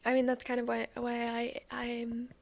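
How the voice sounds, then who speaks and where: Soft-spoken, giggly teenage girl. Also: a little high, completely flat delivery, normal speed, creaky. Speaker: podcast guest. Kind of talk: casual chat.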